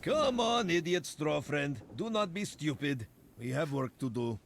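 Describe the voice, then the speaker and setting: A man's voice: a little high, big pitch swings, a little slow, vocal fry, full character voice. An actor voicing a blunt male scarecrow who speaks of himself in the third person. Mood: bossy. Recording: noisy game audio.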